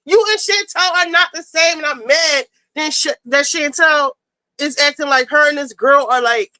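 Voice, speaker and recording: A woman hosting a livestream, recapping reality TV in casual, blunt and profane chat, rushing through the story. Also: sits high, pushed and bright, no room sound, poor audio. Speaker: livestream host.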